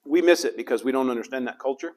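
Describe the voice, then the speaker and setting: A man's voice: medium pitch, very fast, a little mellow. A middle-aged man preaching a sermon as pastor. He acts out the lines of the people in the story with dramatic swings.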